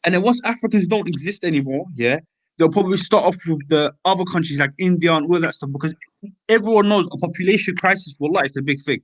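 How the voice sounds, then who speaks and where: A young man in casual chat, animated and slangy, stacking filler tags. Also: high-pitched, quick pace, no room sound. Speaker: open mic speaker.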